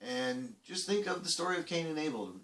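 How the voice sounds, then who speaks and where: A man's voice: on the high side, animated, fairly quick. Rambling man, echoey distant sound. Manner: rambling, with many restarts and fillers; acts out quoted voices loudly. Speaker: children's program host. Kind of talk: casual talk to children.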